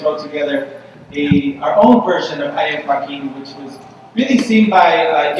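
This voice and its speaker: Man, keynote speaker, conversational with lots of fillers, long hall reverb, faint background noise. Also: fairly high pitch. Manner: conversational, repetitive, with frequent fillers. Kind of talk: conference keynote talk. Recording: echoey hall, mic from a distance.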